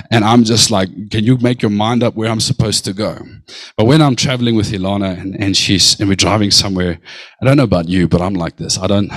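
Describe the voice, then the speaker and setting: A pastor preaching a sermon, slowing down to stress lines and then speeding up in bursts. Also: male voice, low voice, no room sound, rough recording. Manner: preaching with slow drawn-out emphasis and sudden bursts of speed.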